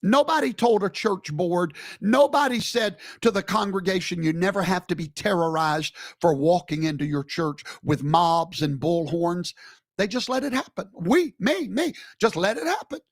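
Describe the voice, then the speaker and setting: A man's voice: high-pitched, animated, normal speed, no echo, clean studio sound. A man giving a live streamed commentary in an emphatic, preacherly way, scolding with rhetorical questions.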